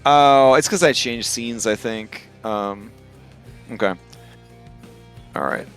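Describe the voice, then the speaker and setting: Slow gravelly game master. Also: male voice, mid-range voice, a bit bright, faint music behind. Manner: slow, halting narration with fillers. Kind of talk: narrating a tabletop game.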